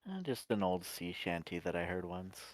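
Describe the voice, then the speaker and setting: A man playing a tabletop game, describing his character's actions in a relaxed way. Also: sits low, moderate pace, dry recording. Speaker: player.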